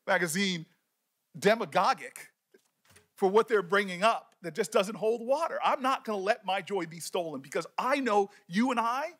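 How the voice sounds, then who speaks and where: A senator speaking at a hearing, earnest and emotional, close to tears, with halting repeated words. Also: male voice, high voice, expressive, a bit bright. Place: committee hearing room.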